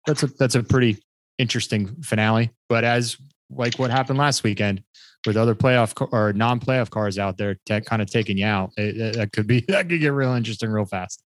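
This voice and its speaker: A man co-hosting a casual podcast, chatting about racing, laughing often and getting animated. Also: lowish voice, a little fast, no room sound. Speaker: podcast co-host.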